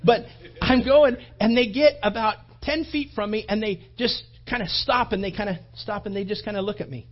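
A man preaching a sermon, telling a personal story in an animated way and acting out his own thoughts. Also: high voice, normal speed, hardly any pauses, muffled recording. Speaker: pastor.

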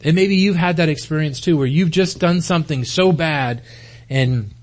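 A man's voice: on the high side, moderate pace. A man preaching a sermon in an earnest way, often repeating words as he starts a phrase. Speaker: pastor.

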